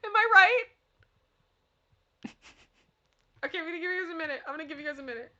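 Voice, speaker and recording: A woman's voice: very high-pitched, animated, quick pace, pushed and bright, dull audio. A woman hosting a casual livestream, reading funny signs aloud, giggling playfully and talking back to her chat. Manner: giggly and playful, often laughing. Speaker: livestream host.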